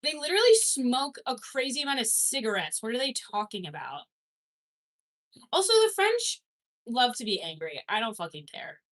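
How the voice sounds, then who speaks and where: A young woman streamer from Canada chats casually with her viewers. Her voice sits a little high, and she talks loosely, swears now and then, and laughs easily as she reacts to comments. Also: sing-song, fairly quick, hardly any pauses, fairly bright tone. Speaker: streamer reading chat. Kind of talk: casual livestream chat.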